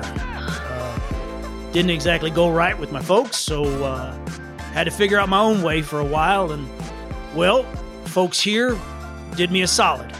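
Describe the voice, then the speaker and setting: A bashful bear-shifter guy, as a man puts him on, his voice dropped lower than the storyteller's usual. He talks in a halting, folksy drawl that feels guarded. Faint music sits under him. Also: natural voice. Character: young man who turns into a bear, gruff but shy.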